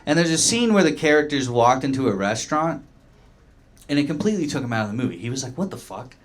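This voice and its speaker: A man's voice: mid-range voice, animated, fast. A young man from Oklahoma doing a loose, self-mocking stand-up comedy set in a small dive bar, acting out the voices of other people.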